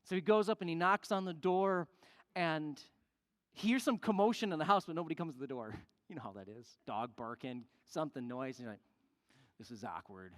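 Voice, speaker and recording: A pastor preaching a sermon as an animated storyteller who acts out the people in the story. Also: mid-range voice, brisk. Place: church sanctuary. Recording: long church reverb.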